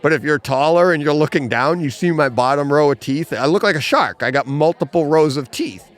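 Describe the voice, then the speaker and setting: A man co-hosting a casual podcast chat in a comic book store, an animated storyteller who laughs at his own jokes. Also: fairly high pitch, a little fast. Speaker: podcast co-host.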